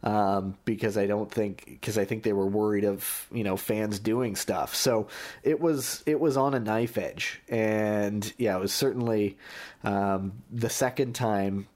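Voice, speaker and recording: Low-voiced sports reporter storytelling. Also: male voice, fairly even intonation, measured pace, a little mellow. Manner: anecdotal storytelling, many restarts. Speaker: sports journalist guest. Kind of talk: podcast conversation.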